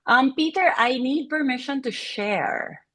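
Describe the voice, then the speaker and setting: A woman, a senior consultant presenting a case study over a video call. She talks in a chatty, animated way with frequent fillers. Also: sits high, unhurried. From Philippines. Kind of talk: online presentation.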